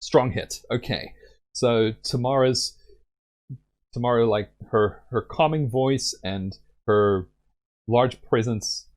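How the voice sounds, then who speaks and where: A man's voice: medium pitch, takes it slowly, darkish tone. A young man narrating a solo tabletop game in a rambling way with many fillers.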